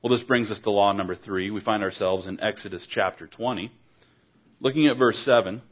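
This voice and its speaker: A man's voice: fairly low pitch, brisk. A man preaching a sermon, earnest and exhorting, asking his listeners pointed rhetorical questions. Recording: dull lo-fi recording.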